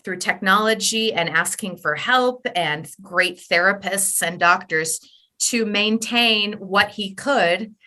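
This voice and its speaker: A middle-aged woman, a widowed mother, speaking candidly in an interview, an expressive storyteller who moves between animated and quiet moments. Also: medium pitch, slow pace. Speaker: podcast guest, widowed mother.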